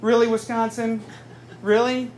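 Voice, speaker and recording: High-voiced male stand-up comedian. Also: measured pace. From Southern California. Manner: deadpan, self-mocking delivery. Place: live comedy venue with audience. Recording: noisy live room ambience. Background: audience laughter.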